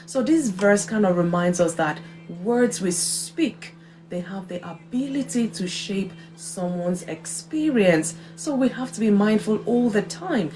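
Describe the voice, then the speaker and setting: A woman with a mellow, warm voice at a middle pitch delivers an informal devotional talk. She speaks earnestly and emphatically, hammering home key phrases through repetition. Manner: earnest and emphatic, repeats key phrases, acts out quoted remarks. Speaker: host of a faith encouragement livestream.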